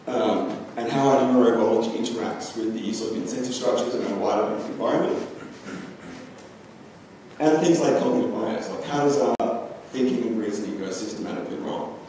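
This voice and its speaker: A man's voice: mid-range voice, dark tone, slight background noise. A young man giving a philosophy talk at a conference, loose and chatty with frequent ums. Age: young adult. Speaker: conference speaker. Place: large lecture hall. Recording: echoey hall from far off.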